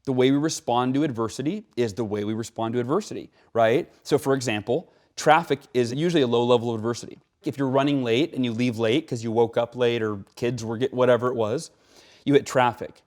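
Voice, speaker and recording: A middle-aged man, a keynote speaker, talking in an interview in an animated, emphatic way. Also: mid-range voice, fairly quick. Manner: animated, emphatic, frequent "right?". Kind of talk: conversational interview talk.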